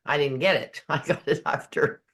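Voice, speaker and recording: A podcast host chatting casually, with hesitant pauses and fillers. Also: mid-range voice, steady tone, gravelly, fairly bright tone. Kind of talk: podcast conversation.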